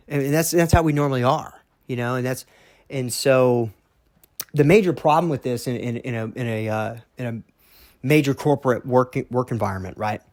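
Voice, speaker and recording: A man's voice: medium pitch, no room sound, studio quality. A man telling his own story in a casual monologue, emphatic and blunt, with frequent "okay?" check-ins, repeated words and the odd curse. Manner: emphatic, keeps asking "okay?", repeats himself; blunt, swears now and then.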